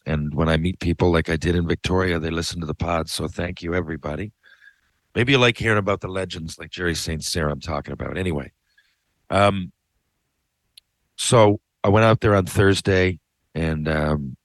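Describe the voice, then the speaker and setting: A low-voiced middle-aged man rambling through a story on his podcast, swearing freely and cutting himself off to circle back. The sound is close and dry, with no room around it. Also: no room sound. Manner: rambling, profane, self-interrupting. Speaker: podcast host. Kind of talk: casual storytelling.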